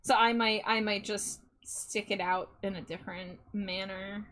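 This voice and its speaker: A woman's voice: medium pitch, fairly even intonation, a little slow, fairly bright tone. A woman streamer chatting casually while she draws, laughing often between remarks. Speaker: streamer drawing live.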